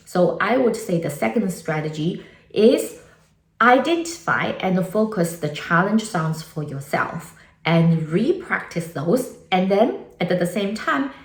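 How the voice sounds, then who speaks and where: Woman, teacher, low gravelly voice, echoey room. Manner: switches between English and Mandarin, explaining tones step by step. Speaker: Mandarin teacher. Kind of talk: online language lesson.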